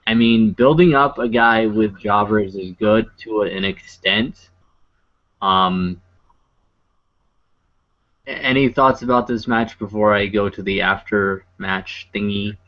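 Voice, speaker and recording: A man's voice: lowish voice, fairly even intonation, slow pace. A man co-hosting a podcast, recapping a show in casual, rambling chat full of fillers and wry asides. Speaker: podcast co-host. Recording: dull lo-fi podcast audio.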